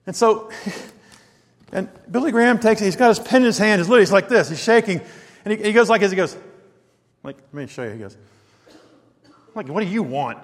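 An older male pastor with a fairly high voice preaches in a relaxed, conversational way, slipping into little acted quotes as he tells a story. His voice carries a long reverb, as if filling a large hall. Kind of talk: sermon.

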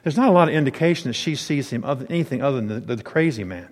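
A man preaching a sermon in a conversational, animated way, sometimes stopping to search for words. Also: medium pitch, racing. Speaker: pastor. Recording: long reverb of a large hall.

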